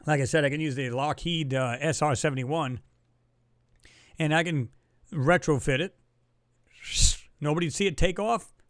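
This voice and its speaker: A man hosting a casual livestream, talking excitably about photos and reading out viewers' comments. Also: fairly high pitch, normal speed, pauses often, no echo, clean studio sound. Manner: excitable, talks to chat viewers, reads their comments aloud. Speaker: livestream host.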